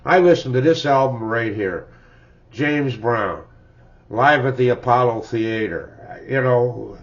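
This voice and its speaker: Taking it slowly in a medium-pitched voice, an older man vlogs casually about records, rambling, chuckling, and adding "eh?" to his lines. The home recording is lo-fi and dull.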